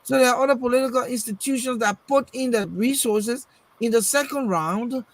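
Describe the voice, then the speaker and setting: A man's voice: very high-pitched, moderate pace, poor audio. A man, arguing politics on a talk show, pressing rhetorical questions and repeating words as he searches for the next thought. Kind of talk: casual political discussion.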